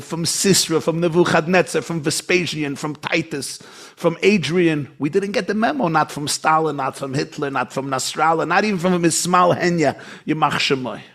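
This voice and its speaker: A man giving a sermon as a rabbi, impassioned, swinging between soft low lines and high, emphatic ones. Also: creaky.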